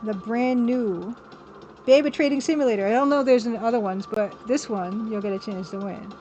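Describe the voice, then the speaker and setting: A woman's voice: a little high, a little fast, darkish tone, slight background noise. A woman hosting a casual live stream, chatting and rambling to her viewers and laughing often. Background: faint music from a record player.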